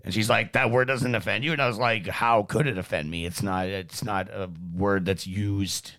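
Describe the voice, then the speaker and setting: A man's voice: lowish voice, steady tone, normal speed, a bit bright, dry recording. A man co-hosting a casual podcast, talking crudely, swearing a lot and acting out quotes in funny voices. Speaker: podcast co-host.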